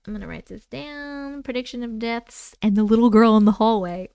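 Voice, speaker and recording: A woman's voice: on the high side, moderate pace, gravelly, few pauses, a little mellow, clear, resonant tone, dry recording, studio quality. A woman hosting a casual livestream from home, chatting with viewers, greeting them by name and laughing often. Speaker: livestream host.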